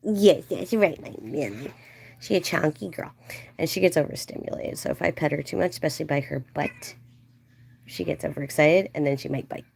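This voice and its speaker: A woman hosting a livestream, telling a casual story in a chatty way and acting out quoted voices in a higher, playful tone. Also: animated, fairly quick, gravelly, darkish tone, husky. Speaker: livestream host.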